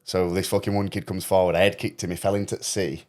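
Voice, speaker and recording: A young man who talks fast in a low voice. He tells his story in casual podcast chat, full of swearing and quoted voices. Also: flat delivery, a little mellow. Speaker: podcast host.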